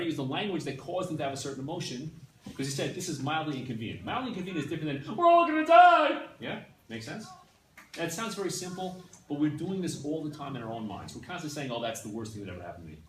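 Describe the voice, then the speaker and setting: A man teaching a class in a conversational, animated way, often checking in with his listeners. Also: mid-range voice, a little hiss or hum. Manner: animated, keeps checking in with "right?" and "yeah?". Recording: echoey room from a distance, faint ambience.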